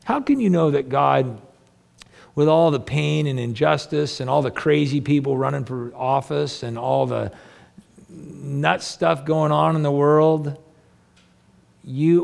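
A male pastor preaching a sermon with a strongly gravelly, crackling voice pitched a little above the usual for a man. He reads scripture aloud and turns to his listeners with earnest rhetorical questions. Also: lively intonation, measured pace, darkish tone.

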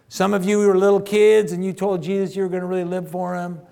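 A man's voice: high voice, steady tone, a little fast, gravelly, few pauses, warm tone. A man in his fifties preaching a sermon, chatty and emphatic, speaking straight to his congregation. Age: 50s. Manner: conversational, emphatic, addresses congregation directly. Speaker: pastor.

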